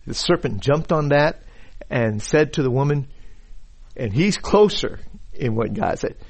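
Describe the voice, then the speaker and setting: Male pastor giving a sermon, middle pitch, slow and thoughtful, repeats words a lot. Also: animated, a little mellow. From Chinese background. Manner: unhurried, repeats words while thinking, reads scripture aloud.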